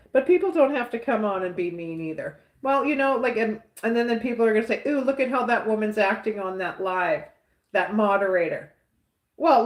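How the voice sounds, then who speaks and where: A woman's voice: medium pitch, roomy sound. A woman hosting a livestream, chatting casually and reading out viewer comments, laughing often and repeating little catchphrases. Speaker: livestream host.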